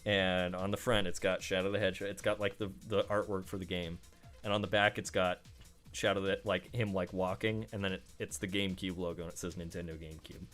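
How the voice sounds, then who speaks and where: A man streaming a game and telling a story in a casual, animated way, often breaking into laughter. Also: sits low, a little fast, soft background music. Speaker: streamer playing games. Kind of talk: casual chat while gaming.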